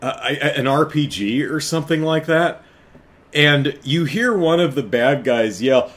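A man's voice: fairly high pitch, measured pace, a bit bright. A man hosting a casual live podcast chat, rambling, laughing often and correcting himself as he goes. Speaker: podcast host.

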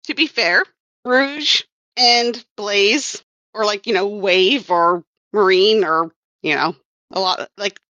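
A woman with a bright, forceful voice talks through her comics work in a loose, rambling way. She keeps correcting herself with wry asides. The recording is dry and a little muffled. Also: medium pitch, slow, dry recording. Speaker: comics writer and colorist. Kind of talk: casual podcast chat.

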